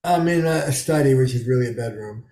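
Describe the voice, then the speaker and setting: This psychotherapist, a man in his seventies, talks at a quick pace in a mellow, medium-pitched voice during a candid interview. Frank, emphatic and free with swear words, he's in a small bedroom study that makes the sound roomy.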